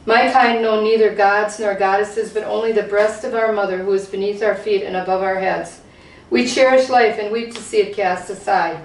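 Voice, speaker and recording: A woman voicing an ancient, queenly fairy woman who speaks gravely, recorded from a distance in a roomy hall. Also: mid-range voice, steady tone, normal speed, lightly acted. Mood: solemn. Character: ancient regal fairy woman, calm and solemn.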